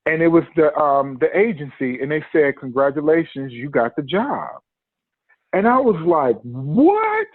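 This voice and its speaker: A man spins a personal story in a podcast interview, jumping into voices for the people he quotes and laughing along the way. His voice sits a bit high for a man. The sound is narrow and phone-like, with a dry, close feel. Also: normal speed, no room sound. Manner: animated storyteller who acts out quotes and laughs often. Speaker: podcast guest.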